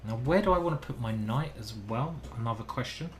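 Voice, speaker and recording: A man's voice: mid-range voice, lively intonation, brisk, slight background noise. A man giving casual live-stream chess commentary, thinking aloud and chatting with his viewers. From United Kingdom.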